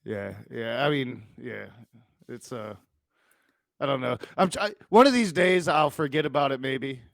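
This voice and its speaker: Halting man chatting on a dry mic. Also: mid-range voice, animated, gravelly, a bit bright, dry recording. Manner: hesitant, many restarts, chuckling. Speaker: panel guest. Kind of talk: casual panel chat.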